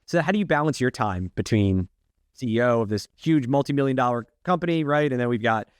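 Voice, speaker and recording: A man's voice: mid-range voice, lively intonation, fairly quick, smooth, dry recording, clean studio sound. A man hosting a casual interview, talking loosely and rambling, full of "you know" and "like". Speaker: podcast host.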